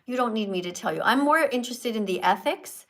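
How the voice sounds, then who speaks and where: A woman's voice: on the high side, expressive, a little fast, fairly bright tone. Preachy woman lecturing on a livestream. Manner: preachy, emphatic, teacherly. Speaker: livestream host and vegan activist.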